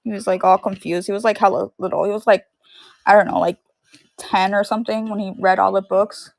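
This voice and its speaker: Brief: young woman reseller, scratchy throat, fry-heavy chatter, close and dry. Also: mid-range voice, steady tone, brisk, dry recording. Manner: rambling, filler-heavy storytelling. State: sore, itchy throat. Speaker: online reseller selling DVDs and VHS tapes. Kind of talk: casual livestream chat.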